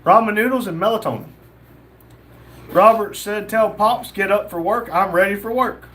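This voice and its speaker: A man's voice: high-pitched, moderate pace, pushed and bright, slight background noise. A young man hosting a casual livestream, reading chat messages aloud and joking.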